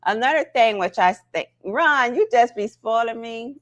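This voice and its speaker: A woman's voice: fairly high pitch, normal speed, lo-fi sound. A woman hosting a casual livestream, talking straight to her viewers and tagging her points with "right?" and "okay?". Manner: animated, talks to chat viewers directly; frequent "right?" and "okay?" tags. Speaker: livestream host.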